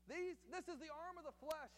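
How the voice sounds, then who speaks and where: High-voiced man preaching in a hall. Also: a little fast, a bit bright. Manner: earnest preaching, repeating phrases, reads scripture and quotes aloud. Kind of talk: sermon. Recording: long hall reverb, faint hum.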